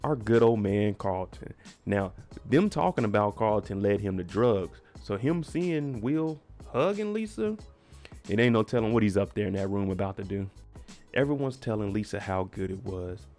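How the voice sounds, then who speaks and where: A man's voice: on the low side, expressive, moderate pace, darkish tone, faint music behind. A man giving a chatty, slangy, opinionated recap of a TV episode. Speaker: TV recap vlogger. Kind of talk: casual recap commentary.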